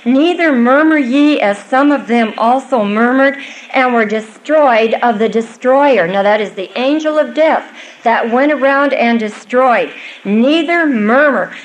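A woman's voice: on the high side, unhurried, a little hiss or hum, poor audio. An older woman giving a Bible teaching to a live audience, earnest and conversational with small asides.

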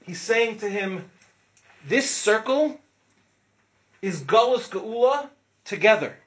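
A middle-aged man teaching an informal Torah class to students, animated, asking questions and acting out what his students say. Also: high-pitched. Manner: animated, asks the listeners questions, acts out students' words.

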